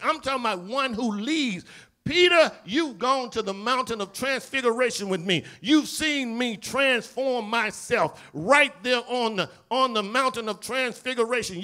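Man preaching a sermon, Southern accent, high voice, bright and forceful tone, jumps from loud cries to low murmurs. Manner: acts out biblical dialogue. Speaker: pastor. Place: church sanctuary.

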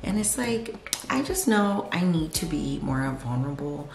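A young woman with a very low, deep voice talks candidly into her camera at home, rambling and confessional. Her talk is full of fillers. The room sounds echoey, picked up on the camera's own mic. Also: animated, normal speed, darkish tone. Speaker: vlogger. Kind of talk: candid vlog monologue. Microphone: camera mic, no lapel.

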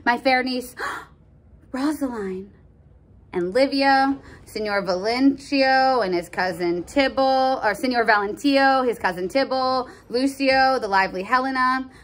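A lovesick young man declaiming with theatrical fervor, read aloud by a woman. The voice sits fairly high and stays fervent throughout. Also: unhurried. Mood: eager. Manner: theatrical line reading.

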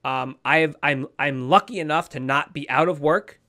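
Pushed and bright, with a slightly high pitch and normal speed, this New Yorker's voice fills a casual podcast rant as he co-hosts. He gets heated, curses heavily, and begs his listeners.

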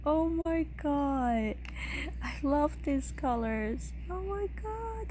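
Very high-pitched gushing woman vlogger. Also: drawn-out words. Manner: gushing, gasping, often drops to a whisper. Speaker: vlogger unboxing a package. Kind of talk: excited unboxing vlog. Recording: steady background noise.

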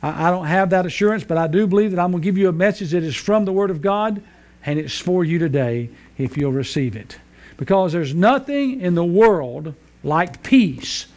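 A man's voice: sits high, lively intonation, moderate pace, a little mellow. A man in his fifties, a pastor, preaching a sermon in a folksy joking manner with frequent fillers. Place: church sanctuary.

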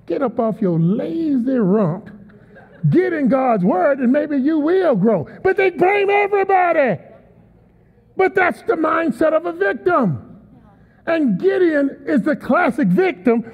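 This guest speaker sounds very high-pitched and expressive, taking his time as he preaches emphatically. Call-and-response with the congregation fills a large church auditorium, recorded tinny amid a long, echoing reverb.

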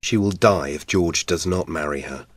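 Loyal quiet officer, storybook reading, narrated by a man; low, soft, husky voice. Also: moderate pace, dry recording. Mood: serious. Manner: quiet and serious. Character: quiet, faithful army officer. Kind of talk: audiobook character voice.

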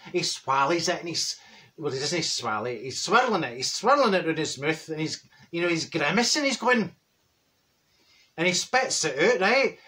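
A man's voice: a little high, bright, forceful tone. A man playing a straight-talking older Glaswegian woman, telling a comic story in a broad, chatty Glaswegian Scottish accent. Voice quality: broad, chatty, full of "wee" and "right?". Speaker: comic character monologue.

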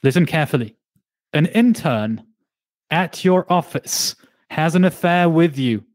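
A man's voice: a little high, animated, a little slow, no echo. A man hosting a casual podcast debate, putting playful mock-serious questions to his guests. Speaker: podcast host and debate moderator.

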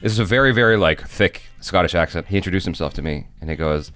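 A man co-hosting a movie reaction video, talking in a casual, animated way and swearing now and then. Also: deep voice, quick pace. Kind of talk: casual chat.

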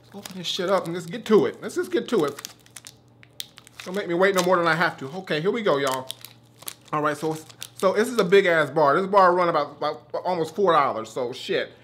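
A man with a slightly high voice reviews candy in a loose, excitable way. He swears freely and stops to chew mid-sentence. He sounds worked up over the food. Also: brisk, slight background noise. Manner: profane, excitable, talks while eating.

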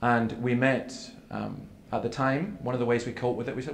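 A man's voice: mid-range voice, brisk, vocal fry, hardly any pauses. A man giving an earnest seminar talk, telling stories with quoted dialogue. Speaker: preacher. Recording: echoey hall with faint room noise.

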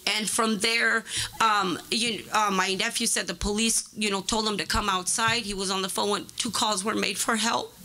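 An emotional woman giving halting public testimony at a board meeting, speaking into a podium microphone. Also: medium pitch, fairly even intonation, sharp tone, low-quality recording. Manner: halting, with restarts and fillers. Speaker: public commenter.

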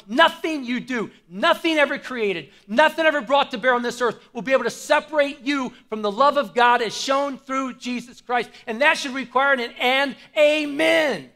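High, bright-voiced fervent preacher man. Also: moderate pace, few pauses. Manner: fervent preaching that swings from hushed to shouted. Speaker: pastor. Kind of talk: sermon. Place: church service with a congregation.

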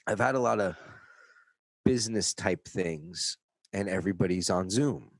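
A middle-aged man from New York on a podcast call, telling a story casually with lots of swearing and animated quoted voices. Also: deep voice, moderate pace, dry recording. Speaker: podcast co-host. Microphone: remote call.

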